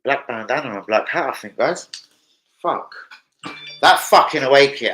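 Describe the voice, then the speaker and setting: A man's voice: on the low side, lively intonation, measured pace, vocal fry, fairly bright tone, a little hiss or hum, poor audio. A young man chatting casually on a football fan livestream, rambling, swearing and reading out viewer comments. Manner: swearing, rambling, reads chat aloud. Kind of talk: casual live-stream chat.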